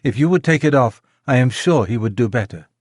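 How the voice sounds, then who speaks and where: Gentle, refined lady, polite and pleading, as read by a man; dry close studio sound. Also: medium pitch, animated, brisk, no echo, natural voice. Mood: persuasive. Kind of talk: audiobook character reading. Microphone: close studio mic, dry.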